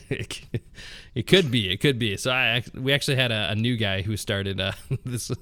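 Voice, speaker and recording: A man's voice: mid-range voice, normal speed, bright, forceful tone. A man in a casual chat, telling a story and laughing through it, often trailing off.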